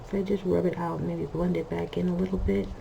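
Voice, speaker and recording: A woman in her thirties with an American accent runs a coloring channel, chatting casually about her family as she colors. Her fairly low, creaky voice moves fairly quickly with fairly even intonation, drifting between stories and talking through her work. Heavy background noise is present.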